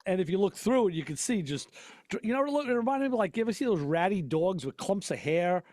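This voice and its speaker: Man, slightly higher voice, rambling storyteller, laughing often, dry sound. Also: lively intonation, quick pace, darkish tone, no room sound. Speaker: podcast host and auto mechanic. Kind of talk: casual chat.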